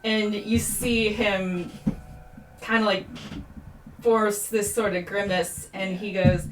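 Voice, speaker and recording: A woman's voice: medium pitch, fairly even intonation, takes it slowly, long pauses, slight background noise. Woman game master, rambling, filler-heavy narration, roomy echo, mic set back. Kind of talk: live-streamed tabletop game narration. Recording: roomy echo, mic at a distance, music behind.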